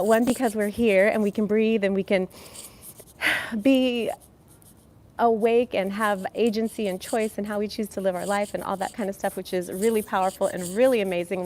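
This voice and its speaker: A woman's voice: mid-range voice, darkish tone. A woman hosting a casual health livestream from Los Angeles, bubbly, greeting chat viewers with pet names and kisses, speaking into a headset. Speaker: livestream host.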